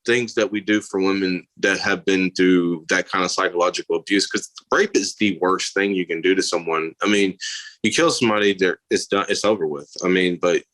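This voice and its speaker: A man speaks in a rather low register with a bright, pushing edge to his voice. He is a filmmaker guest on a podcast, arguing his views in an animated, emphatic way. His delivery sounds passionate and insistent. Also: fairly quick, rough recording. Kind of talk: podcast conversation.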